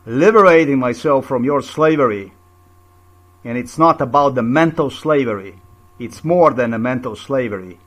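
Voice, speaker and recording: A man in a confrontational, repetitive video rant, full of rhetorical questions and swearing. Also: medium pitch. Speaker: vlogger. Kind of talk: angry personal video rant.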